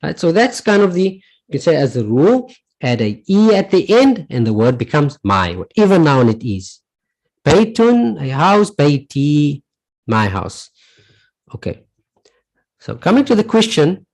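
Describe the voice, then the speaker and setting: A man's voice: a little high, sing-song, normal speed, creaky, a little mellow, rough recording. A man teaching a live online Arabic lesson, repeating each word and its meaning and checking in with "right?". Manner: asks "right?" to check understanding.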